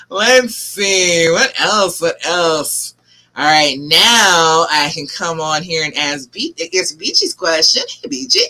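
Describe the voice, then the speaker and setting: A woman's voice: on the low side, big pitch swings, takes it slowly, pushed and bright. A woman relationship coach hosting a live-stream Q&A, talking straight to her viewers in an emphatic, coaxing way. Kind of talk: live-stream advice talk.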